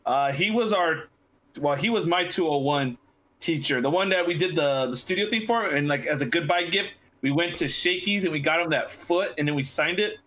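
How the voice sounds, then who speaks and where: A man with a high, bright voice chats on a casual podcast. He tells funny stories and acts out the voices of the people in them. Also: normal speed. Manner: animated, acts out quoted voices while telling stories. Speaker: podcast co-host. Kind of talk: casual chat, storytelling.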